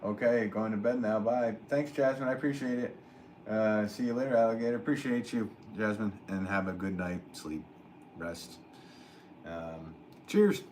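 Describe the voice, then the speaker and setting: A man, a potter, chatting casually on a live stream while he works, reading out viewer comments in a relaxed, rambling way with lots of fillers. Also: lowish voice, normal speed, a little hiss or hum. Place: pottery studio.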